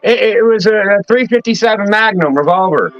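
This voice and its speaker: A man's voice: high-pitched, expressive, brisk, a bit bright, highs cut off, soft background music. A man from Pennsylvania hosting a casual talk show, telling rambling, profane stories in a loose, chatty way. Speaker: show host. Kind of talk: casual chat, storytelling.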